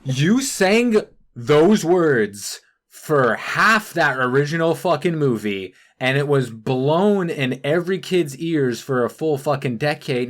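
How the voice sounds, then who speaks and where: A podcast co-host in casual chat, ranting with a lot of swearing and halting restarts. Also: medium pitch, expressive.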